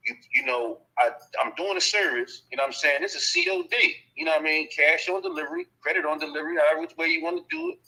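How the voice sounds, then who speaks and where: A man tells a rambling story in casual talk, his voice bright and edged, swinging widely up and down in pitch. He keeps dropping in "you know what I'm saying" and slips into the voices of the people he quotes. The sound has a radio-broadcast feel. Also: huge pitch swings, fast, gravelly, few pauses, rough recording. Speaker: dog transporter telling a story.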